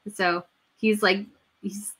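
A woman hosts a casual livestream and talks in a bright, clear voice at a middle pitch. She gushes, chats freely and keeps restarting her sentences with fillers, as if thinking out loud for her viewers. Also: flat delivery, slow. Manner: gushing, chatty, many fillers and restarts. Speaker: royal news livestream host.

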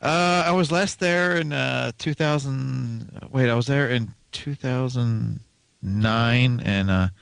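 A man with a gravelly, creaky voice stumbles over dates in a relaxed live-stream chat. The sound is dry and close. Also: mid-range voice, dry recording. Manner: halting, laughs easily.

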